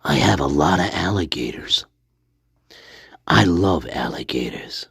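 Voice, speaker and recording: A low, breathy whisper of a boastful, ancient male spirit, as a man puts him on. He drags out each brag slowly and quietly. The voice sits dry and close. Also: animated, no echo, full character voice.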